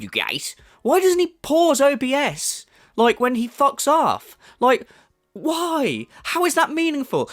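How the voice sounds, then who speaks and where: A man's voice: extremely high pitch, a bit bright. A man doing a profane commentary rant, scornful and mocking, with heavy swearing. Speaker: commentary YouTuber.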